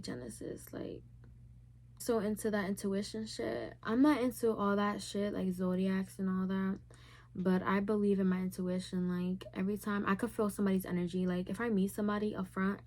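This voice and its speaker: A young YouTuber of Puerto Rican heritage answers viewer questions in a candid, chatty vlog, talking freely and filling her sentences with "like." Her voice is mid-range with a darkish tone.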